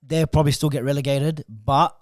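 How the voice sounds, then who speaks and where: A man, co-hosting a casual football chat, who gets animated in bursts and trails off mid-sentence. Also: on the high side, a little fast, dry recording, studio quality. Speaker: podcast co-host.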